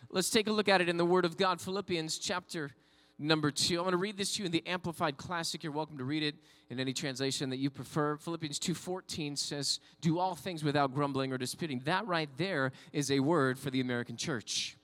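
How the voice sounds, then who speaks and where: A man preaching a sermon from the pulpit, his voice pitched high and bright. He rises to fervent calls and call-and-response with the congregation. A long reverb hangs on every line. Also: normal speed. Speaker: pastor.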